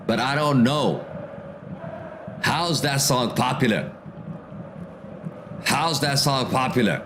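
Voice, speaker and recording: A man hosting a football watchalong stream, reading viewer comments aloud and reacting to the match in a relaxed, slangy way. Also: mid-range voice, slow pace, noisy background. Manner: reads viewer comments aloud and answers them, calls out match action, slangy "bro". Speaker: livestream host reading chat during a football watchalong. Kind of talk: casual live commentary and chat reading.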